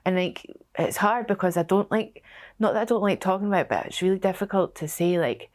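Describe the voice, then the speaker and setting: A young woman telling her story as a bereaved mother, halting and emotional, with many restarts. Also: medium pitch, darkish tone. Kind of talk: personal testimony.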